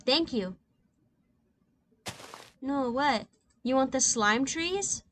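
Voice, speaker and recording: A woman's voice: sits high, extremely slow, pauses often, low-quality recording. A woman in her twenties chatting casually while playing a video game, rambling with lots of fillers. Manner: soft and reflective; excited, loud outbursts. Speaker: gaming channel host. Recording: clear keyboard and mouse noise.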